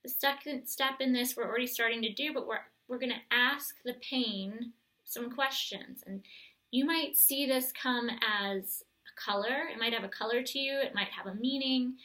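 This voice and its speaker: A woman coaching viewers through a guided self-help exercise, speaking gently and straight to the viewer. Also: on the high side, poor audio.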